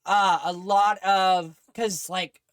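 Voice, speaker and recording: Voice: mid-range voice, fairly even intonation, slow, smooth, no room sound. A podcast co-host in casual chat, telling rambling, digressive stories full of fillers.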